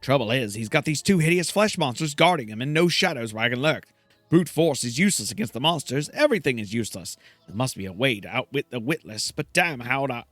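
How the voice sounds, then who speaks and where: A man's voice: mid-range voice, a bit bright, no echo, close to an everyday voice. Man putting on a brash scheming rogue, blustering, complaining, dry close sound. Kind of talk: video game voice acting.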